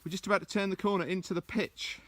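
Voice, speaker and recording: A man's voice: high-pitched, steady tone, quick pace, a bit bright. A man talking casually to camera as he walks outdoors in the countryside, coaching on presentations with a chatty, self-deprecating manner. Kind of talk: casual walking vlog.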